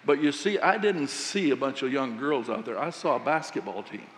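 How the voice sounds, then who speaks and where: A man preaching a sermon, telling a folksy story about coaching and quoting himself with animated emphasis. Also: mid-range voice, moderate pace, long reverb tail, a little hiss or hum.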